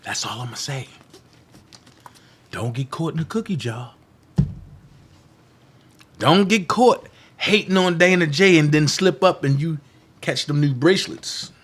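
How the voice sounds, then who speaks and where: Against a noisy background, a man hosting a political livestream delivers a heated, defiant monologue aimed at taunting his critics. His voice sits on the high side with lively intonation, a little slow with long pauses, as he repeats phrases for emphasis and alternates loud outbursts with hushed asides.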